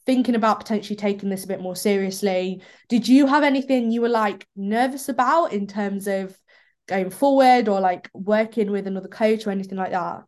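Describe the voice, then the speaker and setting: Woman fitness coach, mid pitch, friendly, casual, asks questions. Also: a little mellow. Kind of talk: casual chat.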